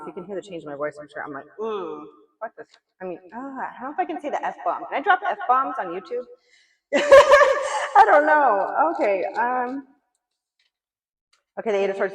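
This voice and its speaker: Casual tarot reader, blunt and chatty, heavy "like" filler, mid-pitched voice, distant and roomy sound. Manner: blunt, chatty, swears, lots of "like" and "you know". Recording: echoey room, mic far off.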